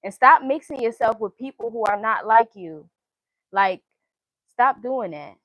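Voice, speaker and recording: A woman with a fairly high, expressive, slightly bright voice gives a casual tarot reading at a measured pace, chanting through the card meanings. She's blunt and outspoken, swearing freely as she speaks her mind. The recording is rough, with no echo.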